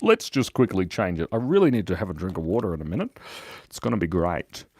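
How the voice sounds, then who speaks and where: A man hosting a children's drawing livestream, chatting casually and reading out viewer comments in a playful way that swings between loud bursts and mumbled asides. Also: low voice, sing-song, fast talker, slightly rough, no room sound, studio quality. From Australia. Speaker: livestream drawing host for kids. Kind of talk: casual live-stream chat reading comments. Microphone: mic set in a beard.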